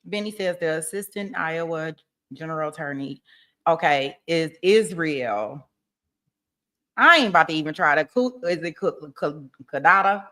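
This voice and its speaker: Casual woman livestream commentator with a lowish voice, chatty and quick to laugh. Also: animated, pushed and bright. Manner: chatty, laughs often, talks to viewers.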